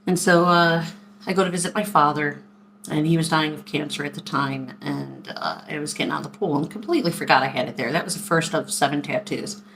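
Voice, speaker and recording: A woman in her forties telling stories in a casual vlog, chatty and animated as she acts out what people said. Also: low voice, fairly quick, vocal fry, a little hiss or hum. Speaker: vlogger. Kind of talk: casual storytelling to camera.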